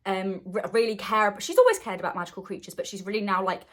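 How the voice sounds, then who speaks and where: A woman's voice: medium pitch, steady tone, fast, a bit bright. A woman hosting a podcast, chatting enthusiastically and acting out quotes as she recaps a story. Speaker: podcast host. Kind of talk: casual recap chat.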